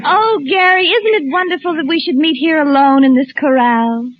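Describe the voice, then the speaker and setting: A woman's voice: sits high, moderate pace, dull audio, natural voice. A woman acting a gushing, gold-digging young sweetheart in 1940s radio comedy. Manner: gushing, breathless romance. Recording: noisy old radio broadcast with loud audience.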